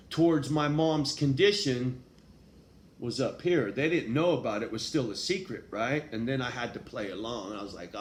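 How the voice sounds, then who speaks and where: A man telling a personal story in a casual, profane way, full of street slang and tag questions. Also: mid-range voice. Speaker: vlogger. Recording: echoey room with faint background noise.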